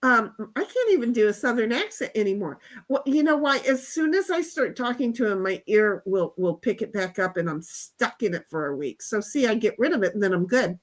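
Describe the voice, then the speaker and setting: A woman hosting a casual livestream, rambling through stories and reading out viewers' chat comments with lots of laughter. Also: on the high side. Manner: rambling, animated, quick to laugh. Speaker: livestream host. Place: home, speaking over a headset.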